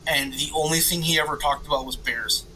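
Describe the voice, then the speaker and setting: Animated, high-voiced male podcast co-host. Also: fairly quick, slight background noise, rough recording. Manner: animated storyteller, swears freely. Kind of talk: casual chat.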